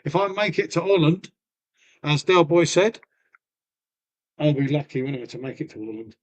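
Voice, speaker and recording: Bantering with viewers on his live stream, this Lincolnshire Englishman swears freely and keeps calling everyone mate, his folksy talk full of "mate" and "innit." He speaks at a moderate pace in a fairly high voice with lively intonation. The recording has its highs cut off.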